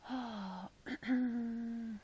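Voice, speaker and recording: A woman's voice: a little high, fairly even intonation, very slow, dark tone, slight background noise. A young woman casually chatting on a livestream, rambling with lots of fillers and self-deprecating asides. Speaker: livestream host.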